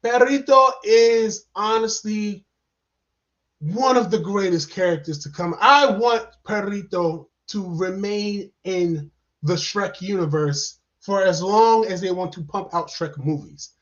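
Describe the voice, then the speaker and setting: A man with a high-pitched voice talks through a movie review in an excitable, rambling way, full of fillers and repeated words. The recording is a bit dull and lo-fi. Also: slow pace. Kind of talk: casual spoken movie review. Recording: dull lo-fi sound.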